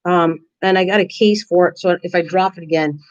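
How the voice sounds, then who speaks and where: With a lowish, steady voice and a brisk pace, an older woman hosts a craft live stream, chatting casually and rambling. She responds to viewers' comments by name; the stream audio is dull and lo-fi.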